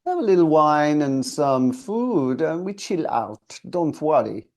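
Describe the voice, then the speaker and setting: A man putting on the voice of a relaxed Italian music producer, in an imitated Italian accent and a calm, reassuring manner. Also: fairly high pitch, takes it slowly, voice pushed up, heavily acted. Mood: soothing, easygoing. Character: laid-back Italian music producer, middle-aged man.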